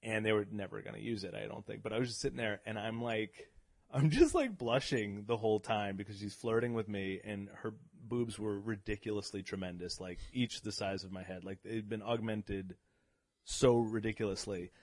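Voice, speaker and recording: A man telling stories in casual chat, animated and laughing, acting out the voices of people he quotes. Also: lowish voice, normal speed, dry recording, studio quality. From New England. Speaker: guest, event emcee. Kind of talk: casual storytelling.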